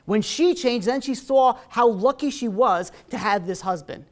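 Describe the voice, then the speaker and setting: Male rabbi, lively sermon storyteller, acts out the dialogue. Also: very high voice, moderate pace, few pauses. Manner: animated, acts out dialogue, many fillers.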